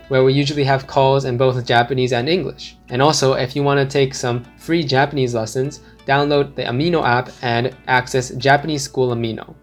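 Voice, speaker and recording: Man, language teacher, slow deliberate explanations, repeats examples, faint guitar music behind. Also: mid-range voice. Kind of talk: scripted language lesson.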